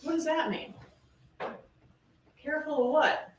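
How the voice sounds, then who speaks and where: A woman prosecutor, her voice high-pitched and unhurried, gives the jury her closing argument and leans on rhetorical questions to press her case. It was recorded from a distance in a roomy courtroom, with faint hiss.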